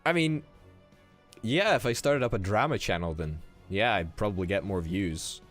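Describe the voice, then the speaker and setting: A man co-hosting a let's play, chatting casually while gaming, animated, laughing easily and swearing freely. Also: fairly low pitch, moderate pace, soft background music.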